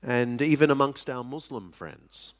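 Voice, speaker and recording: A man preaching a sermon, speaking deliberately with dramatic pauses and sudden drops to a hush. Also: medium pitch. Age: adult. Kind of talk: sermon to a live audience.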